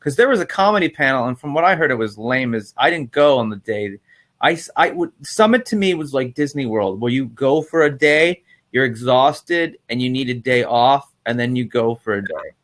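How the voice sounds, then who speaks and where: A man hosting a livestream, rambling through animated stories in casual chat. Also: mid-range voice, normal speed. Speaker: livestream host.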